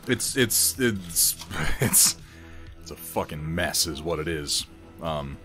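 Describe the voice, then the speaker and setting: Wry, rambling man on a livestream. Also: low-pitched. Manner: rambling, wry, eats while talking. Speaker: livestream host painting miniatures. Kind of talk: casual livestream chat with viewers.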